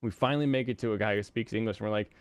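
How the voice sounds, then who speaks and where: A man hosting a casual online group chat, telling stories in an animated way and laughing often. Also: lowish voice, very fast, clean tone, dry recording. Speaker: host.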